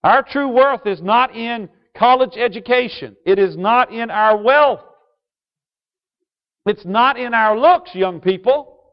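A man preaching a sermon to a congregation, asking them questions and switching from loud emphasis to quiet asides. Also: very high-pitched, slow pace. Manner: call-and-response questions to the congregation. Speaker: pastor. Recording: dull lo-fi sound.

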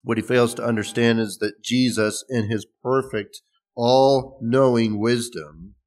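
A man's voice: mid-range voice, steady tone, measured pace, a little mellow. A man preaching a sermon in a conversational way, explaining scripture with restarts and small laughs. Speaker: pastor.

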